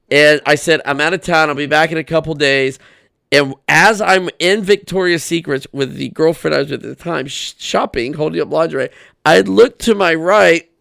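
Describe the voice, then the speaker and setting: A man talking as a guest on a casual podcast, telling animated stories and swearing freely. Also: a little high, creaky, no room sound, clean studio sound.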